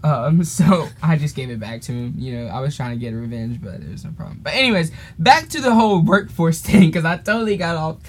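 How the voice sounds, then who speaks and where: A man's voice: fairly high pitch, fairly quick, hardly any pauses, breathy edge. A teenage boy casually telling a rambling story on a podcast, laughing often and drifting off topic. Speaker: podcast host.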